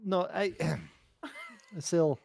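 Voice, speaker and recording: A man's voice: sits high, huge pitch swings, extremely slow, darkish tone, slight background noise, voice pushed up, heavily acted. A man voicing an awkward, shy male dwarf sailor who talks hesitantly and stammers. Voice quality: hesitant, stammering, clears throat.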